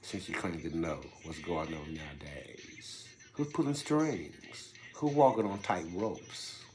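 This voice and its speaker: A man giving a preachy monologue, firing off rhetorical questions and swinging between loud bursts and hushed whispers. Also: sits low, takes it slowly, a little hiss or hum. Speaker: speaker delivering a monologue.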